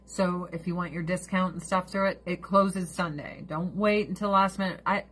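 A woman's voice: fairly low pitch, steady tone, normal speed, a bit bright, breathy edge. A middle-aged woman streamer chatting casually with her viewers, blunt and profane, ranting with animation.

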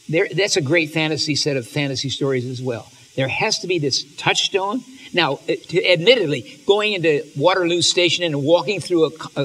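Man, lecturer, fairly high voice, bright, animated, emotional. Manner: animated, emotional, often restarting sentences. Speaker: speaker on literature and faith. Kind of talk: lecture with readings.

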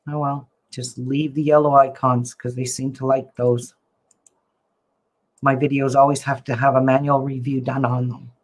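A woman's voice: very deep voice, little pitch movement, normal speed. A woman crafting vlogger chatting casually to the camera as she works, often muttering to herself in exasperation.

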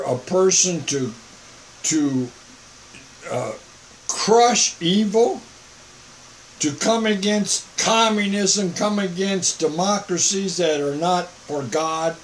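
An older man preaching informally to the camera, switching between mock calm and sarcastic emphasis. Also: high voice, a little hiss or hum, poor audio.

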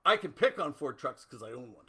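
A man's voice: a little high, very animated, a little fast, a bit bright, husky. A middle-aged man from Canada hosting a casual livestream, chatting loosely and answering viewer comments. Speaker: host.

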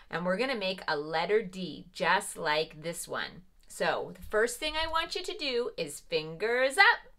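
A woman teaching a preschool lesson to young children, talking slowly in an encouraging, sing-song manner. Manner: slow, sing-song, encouraging, with lively pitch swings.

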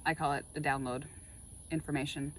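A woman with a somewhat low voice talks casually as she lays out tarot cards. She is chatty and excitable, drifting into spiritual musings. A faint background noise sits under her voice. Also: fairly quick, poor audio. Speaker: tarot reader. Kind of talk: casual chat while laying tarot cards.

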